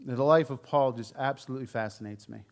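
Fast-paced, a man preaches a sermon as a candid, conversational story with frank asides. He veers between loud, emphatic moments and quiet, low remarks.

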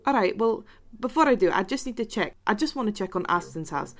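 A woman's voice: medium pitch, lively intonation, fairly quick, natural voice. A woman voicing a friendly young village man with a Scottish accent, polite and a bit awkward. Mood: hurried.

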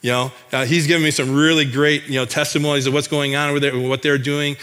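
A man's voice: fairly high pitch, flat delivery, fast talker, fairly bright tone, smooth. A man from Michigan, a missionary, telling a church congregation about his work in an enthusiastic, folksy way, often restarting his sentences. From Michigan, USA.

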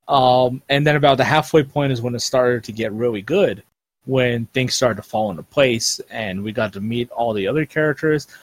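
A man's voice: medium pitch, normal speed, dry recording. A man chatting casually on a podcast, rambling with lots of fillers and restarts. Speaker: podcast co-host. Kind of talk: casual chat.

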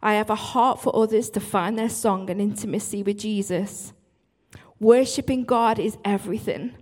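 A woman's voice: medium pitch, fairly even intonation, normal speed, darkish tone. A woman worship leader, giving an earnest church talk with frequent asides and restarts. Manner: earnest, self-interrupting, apologetic asides.

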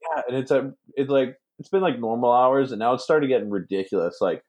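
A man's voice: medium pitch, fairly quick, a little mellow. A man, a brewer, joking and swearing in casual podcast chat. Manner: joking, profane, laughs often.

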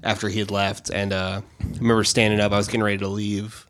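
Soft-spoken man with a lowish voice. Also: level tone, quick pace. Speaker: podcast co-host. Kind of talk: casual podcast conversation.

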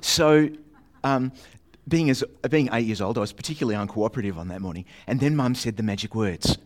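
A man preaching in a chatty, self-mocking way, telling a childhood story with animated voices and sound effects. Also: medium pitch, brisk. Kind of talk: storytelling sermon.

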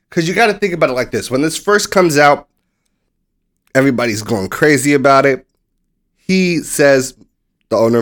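A mid-pitched American man co-hosting a sports podcast. He chats casually and tells stories with energy, slipping into the voices of the people he quotes and swearing now and then. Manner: animated storyteller, acts out quoted people. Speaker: podcast co-host.

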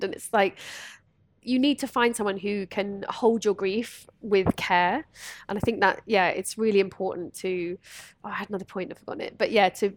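A woman's voice: fairly high pitch, brisk, no room sound. A woman hosting a podcast, talking casually and animatedly about grief and acting out other people's lines. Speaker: podcast host.

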